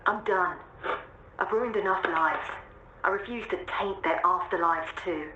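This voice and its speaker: An actress playing a bitter, guilt-ridden woman speaking with quiet regret. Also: lowish voice, a little slow, roomy sound, muffled recording, background noise, close to an everyday voice. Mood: remorseful.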